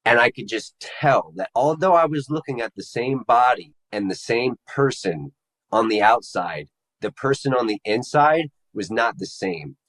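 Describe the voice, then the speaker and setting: A man telling his personal story to an interviewer in a casual, halting way, searching for the right words. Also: mid-range voice, rough recording. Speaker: interview guest. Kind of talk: personal testimony in casual conversation.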